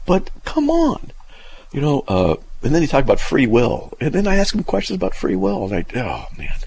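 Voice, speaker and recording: A man hosting a casual talk radio show and answering listener emails. He is animated, laughs often, argues with rhetorical questions and acts out the people he quotes. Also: medium pitch, moderate pace, creaky, a little hiss or hum. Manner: argumentative, asks rhetorical questions.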